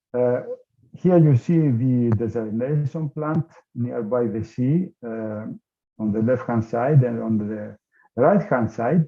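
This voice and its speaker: Hesitant man on a tinny line. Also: medium pitch. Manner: hesitant, many filler sounds. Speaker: workshop speaker. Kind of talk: technical presentation.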